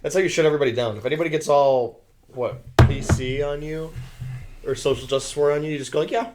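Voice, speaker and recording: Young man, sarcastic banter, fairly high voice, noisy recording. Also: fairly even intonation, fast. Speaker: podcast co-host. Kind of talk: casual chat.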